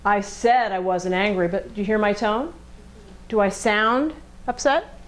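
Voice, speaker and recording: A woman leads a group lesson in a group room, talking conversationally and throwing questions at the people listening. She acts out angry voices to make her points, and her voice sits at an ordinary middle pitch. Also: measured pace, poor audio. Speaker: group counselor.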